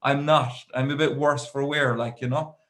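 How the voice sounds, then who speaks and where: An Irish comedian in his thirties spins a stand-up story in a loose, rambling way. His voice sits at an ordinary middle pitch, and he drops in dry, offhand asides as he goes. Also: steady tone, moderate pace, fairly bright tone.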